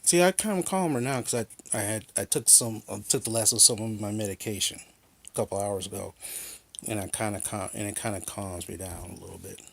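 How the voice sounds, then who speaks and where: A man's voice: fairly low pitch, fairly quick, gravelly, a little hiss or hum. A man telling a personal story in a rambling, aggrieved rant, full of restarts and quotes of what others said. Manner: aggrieved and frank. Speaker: vlogger.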